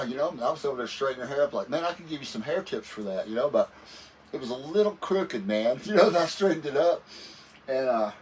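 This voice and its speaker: A man's voice: medium pitch, darkish tone. A man guest musician telling stories casually in an interview, rambling and laid-back, often saying "man". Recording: voice a bit far from the mic with faint noise.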